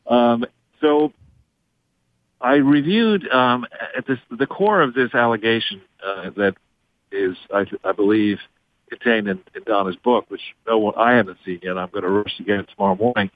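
A man's voice: fairly low pitch, normal speed, dry recording. A man giving his view as a guest in a political interview, with formal, legalistic phrasing. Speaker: guest commentator. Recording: phone-like dry line.

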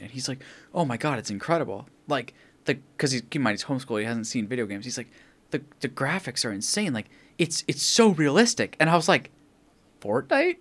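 A man chatting casually about video games, rambling and swearing as he acts out quotes from friends. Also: mid-range voice. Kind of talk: casual gaming chat.

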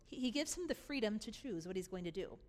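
A woman's voice: mid-range voice, lively intonation, fast talker, a little mellow. A woman pastor preaching a sermon, acting out the father's words with emphatic, rising force. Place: church sanctuary.

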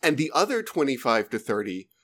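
A man's voice: mid-range voice, very animated, a little fast, fairly bright tone. Wry young man with a mid voice. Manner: wry, storytelling with acted-out quotes. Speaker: podcast co-host. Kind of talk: casual chat.

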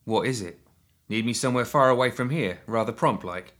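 A man's voice: medium pitch, fairly quick, fairly bright tone, lightly acted. A man voicing a nervous, weaselly male thief who speaks in a wheedling, jumpy way.

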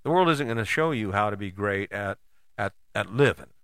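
A man talks through life advice in a loose, folksy way, tossing out rhetorical questions as he goes. His voice is bright and forward, and it sits close and dry with no room around it. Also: on the low side, lively intonation, normal speed, clean tone, dry recording. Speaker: host. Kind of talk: casual motivational talk.

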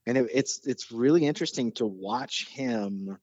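A man of average pitch telling stories on a podcast, getting worked up and enthusiastic as he goes. The room is dead and dry. The sound is slightly muffled and lo-fi. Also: normal speed, dry recording. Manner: animated storyteller, gets excited and nerdy. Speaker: podcast host. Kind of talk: casual chat.

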